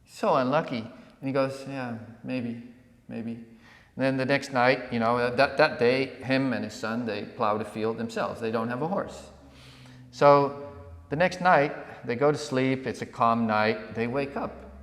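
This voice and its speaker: A man co-hosting a podcast, telling a parable in a relaxed conversational way and acting out the villagers' lines. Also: mid-range voice, measured pace. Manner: animated storyteller who acts out villagers. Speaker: podcast co-host. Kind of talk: conversational storytelling. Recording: echoey room with long reverb.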